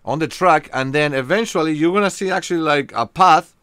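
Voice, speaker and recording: Slightly high and fairly bright, this young man's voice carries a Spanish accent; he's from Spain. He chats and jokes with viewers on a live game stream, often pausing on fillers, and the tone is clean with no echo.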